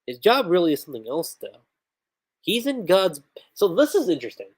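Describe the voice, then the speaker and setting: A man casually reviewing a comic chapter on a livestream, animated and chatty, with many fillers. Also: high-pitched, fairly quick.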